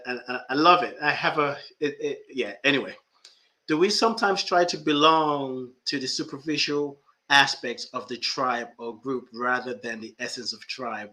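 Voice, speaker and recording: A man's voice: mid-range voice, sharp tone. A man hosting a podcast as a life coach, speaking emphatically and talking straight to his listeners in a reflective monologue. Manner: emphatic, talks to listeners directly.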